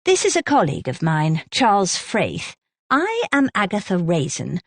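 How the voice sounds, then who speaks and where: A woman's voice: medium pitch, wildly swooping pitch, moderate pace, dry recording, studio quality. A woman voicing a blunt, brash middle-aged private detective. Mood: brisk.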